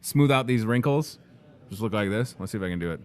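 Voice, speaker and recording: A young man hosting a grocery store's daily video, energetic, jokey and rambling, recorded in the store. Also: fairly low pitch, fast talker. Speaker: host.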